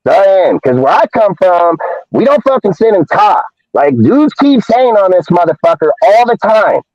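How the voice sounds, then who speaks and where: A man with a high, sing-song voice and a darkish tone rants on a live show at normal speed. He's heated, profane and confrontational. The stream audio is dull, lo-fi and dry, with no room sound.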